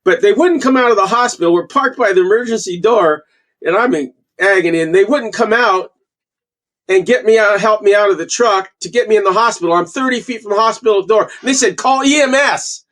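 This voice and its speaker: A man in his sixties from Canada, a guest falconer telling animated stories in a casual interview and acting out the quotes. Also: high-pitched, fairly quick. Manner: animated storyteller, acts out quotes.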